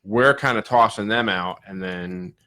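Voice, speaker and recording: Bright-voiced man trading wry podcast asides. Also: lowish voice, measured pace. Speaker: podcast co-host. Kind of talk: casual chat.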